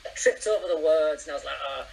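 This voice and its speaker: A man, a guest telling rambling, animated stories in a casual chat. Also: a little high, fast, vocal fry, breathy edge, rough recording. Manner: animated, rambling storyteller who acts out voices.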